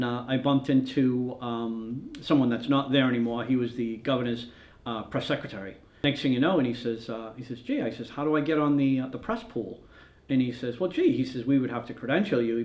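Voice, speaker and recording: During a documentary interview, a man who photographs news events tells meandering stories and acts out everyone's words. His pitch is a typical middle range for a man, and a noticeable echo fills the room.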